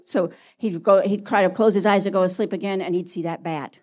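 A woman's voice: medium pitch, fairly even intonation, quick pace, a little mellow. A woman telling a story at a church talk, acting out the voices and laughing often.

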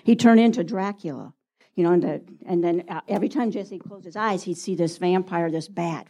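A woman's voice: mid-range voice, fairly quick, warm tone. A woman telling a story at a church talk, acting out the voices and laughing often.

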